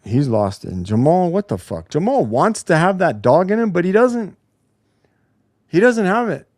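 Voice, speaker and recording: A man's voice: sits high, sing-song, normal speed, darkish tone, no echo, clean studio sound. A man hosting a post-game basketball show, ranting in a heated, profane way. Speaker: podcast host. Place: home basement studio.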